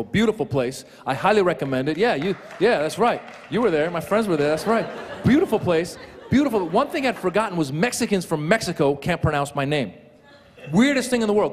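A man doing a stand-up comedy set at a live show, talking in an animated way and jumping into shouted voices. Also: sits high. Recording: live hall with crowd and noise.

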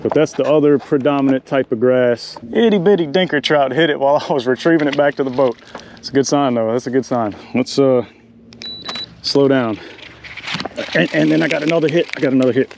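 A man, chatting excitedly to the camera while fishing in a marsh from a small boat. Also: mid-range voice, brisk, creaky, a little hiss or hum. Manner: excitable, talks to the animals and the viewers. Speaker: fishing vlogger. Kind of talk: casual running commentary while fishing. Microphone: action camera mic.

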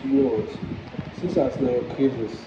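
A man with a mid-pitched voice, coaxing and pleading in a soothing way. The recording is echoey and muffled, with loud background noise from a phone video. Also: normal speed. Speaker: husband. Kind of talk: casual late-night talk.

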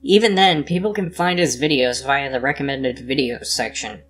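A commentator who answers a clip with short, deadpan rebuttals in a dry tone. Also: medium pitch, moderate pace, soft background music. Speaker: reaction commentator.

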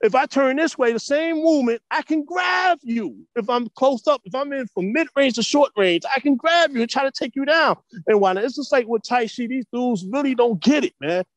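A man from the US East Coast, a martial arts teacher talking casually in an interview, animated and profane, full of street slang and "you know what I'm saying.". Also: extremely high pitch, a little fast, few pauses, dry recording.

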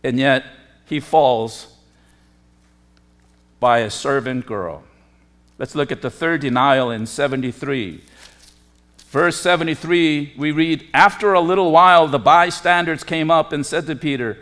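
A man preaching a sermon as pastor, emphatic, with forceful rising peaks on key words. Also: a little high, measured pace, pauses often. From lived in Korea.

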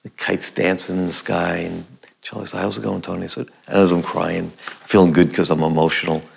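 A man's voice: sits low, level tone, a little fast, creaky, husky. A middle-aged man, an acting teacher, telling a personal story in a conversational way and acting out his own past lines. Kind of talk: personal anecdote told to camera.

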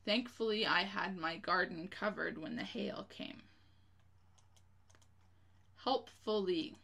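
A woman's voice: fairly low pitch, fairly even intonation, measured pace, vocal fry, pushed and bright, husky. A woman teaching a children's spelling lesson, patiently spelling each word letter by letter and checking in with "okay?".

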